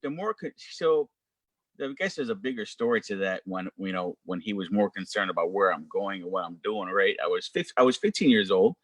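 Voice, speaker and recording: Animated middle-aged man telling a story. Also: low-pitched, a little fast, no echo. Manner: animated, acts out quoted voices. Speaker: DJ guest. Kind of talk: storytelling interview.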